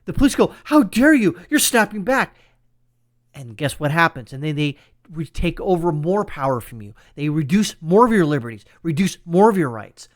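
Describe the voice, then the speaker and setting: Sarcastic ranting man, fairly high voice. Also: animated, brisk, few pauses. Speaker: commentary channel host. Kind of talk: political commentary.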